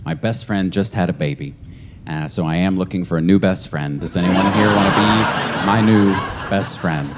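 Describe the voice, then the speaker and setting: A man performing a stand-up comedy set on a club stage, telling stories and slipping into mocking voices. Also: moderate pace. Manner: lively storytelling, jumps into high mocking voices for others. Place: comedy club stage before a laughing audience. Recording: live club recording with audience noise.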